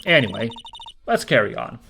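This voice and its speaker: A man's voice: mid-range voice, big pitch swings, normal speed, creaky, sharp tone. A man in a middle register chatting over a story game, reading the lines and tossing in amused remarks. His delivery is loose and conversational. A faint hiss runs under the recording. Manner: reads game lines aloud, chuckles, chatty asides. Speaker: let's play commentator. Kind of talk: casual game commentary.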